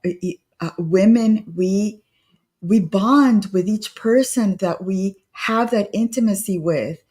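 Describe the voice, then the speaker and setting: A woman's voice: mid-range voice, slow pace, darkish tone. A woman co-hosting a casual etiquette chat, giving earnest, direct advice and urging her listeners. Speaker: co-host.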